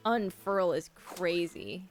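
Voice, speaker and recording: A woman's voice: on the low side, slow, faint music behind. A woman chatting casually on a live game stream, giggling often and making crude jokes. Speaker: livestream gamer.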